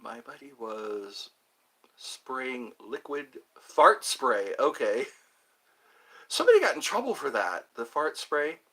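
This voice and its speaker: A man's voice: mid-range voice, big pitch swings, slow, a bit bright. Rambling man chatting on a live stream. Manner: rambling, joking, chatting to viewers. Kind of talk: casual live-stream chat.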